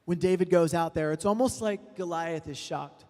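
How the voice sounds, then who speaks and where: A man preaching a sermon, moving from quiet, intimate passages up to loud, shouting climaxes. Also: fairly high pitch, moderate pace. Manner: builds from soft to shouting. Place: large church hall. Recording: long hall reverb.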